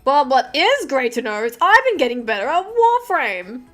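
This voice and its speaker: A woman's voice: sits high, big pitch swings, normal speed, fairly bright tone, soft background music. A young Australian woman chatting casually on a live stream while she draws, swearing freely and muttering to herself.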